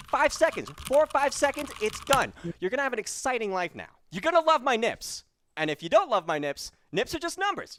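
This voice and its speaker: A man voicing a loud, hard-selling infomercial pitchman with a New York accent. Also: full character voice. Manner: hard-selling, punchy, over-the-top. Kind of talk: parody infomercial.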